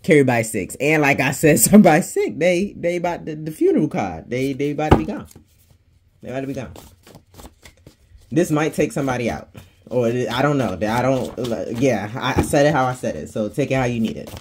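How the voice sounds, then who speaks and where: A man's voice: medium pitch, moderate pace, background noise. Chatty slangy man reading tarot. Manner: chatty and slangy, laughs often, swears freely. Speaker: tarot reader.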